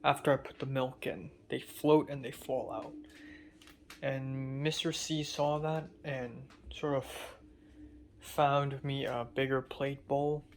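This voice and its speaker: Slow and mid-range, with little pitch movement, a young male college student's voice carries a casual spoken diary over slight background noise. He's feverish and dizzy, rambling hesitantly through fillers and restarts.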